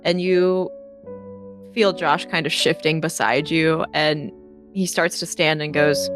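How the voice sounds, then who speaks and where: A woman's voice: deep voice, fairly even intonation, takes it slowly, over music. A woman narrating a tabletop role-play game as game master, with playful asides.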